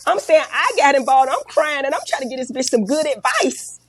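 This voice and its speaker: High-voiced blunt woman, emotional. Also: fairly quick, dry recording. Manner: animated, blunt storytelling with slang and profanity. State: emotional, close to tears. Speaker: guest. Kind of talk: candid interview talk.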